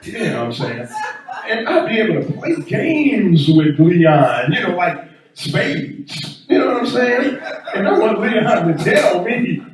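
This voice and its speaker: Animated high-voiced stand-up comic. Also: male voice, measured pace, slight background noise. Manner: animated, chatty with the crowd. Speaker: stand-up comedian. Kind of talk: stand-up set. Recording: echoey room from far off.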